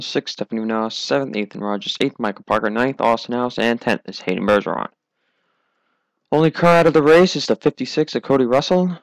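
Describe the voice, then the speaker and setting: A man's voice: medium pitch, dry recording. Young man calling a sim race. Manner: calls positions and replays, rising excitement at restarts. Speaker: racing commentator. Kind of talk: solo race commentary over a sim racing league.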